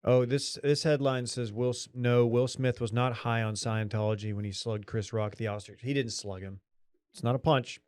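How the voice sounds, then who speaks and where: A man co-hosting a casual podcast on a headset, wry and quick to riff. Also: mid-range voice, fairly even intonation, darkish tone, no echo. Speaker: podcast co-host.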